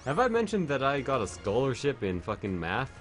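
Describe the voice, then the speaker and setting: A man's voice: medium pitch, wildly swooping pitch, a little fast, faint music behind. A man streaming a video game while drunk, chatting casually, rambling and swearing a lot.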